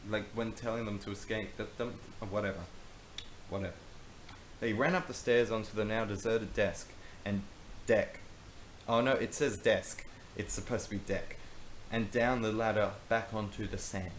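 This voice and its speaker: A man with a lowish voice reads aloud and breaks off for dry, self-mocking remarks. The room is roomy and echoey, with a faint hiss underneath. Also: fairly even intonation, moderate pace. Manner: wry, self-mocking asides. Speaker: YouTuber reading his old book. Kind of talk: casual commentary and reading aloud.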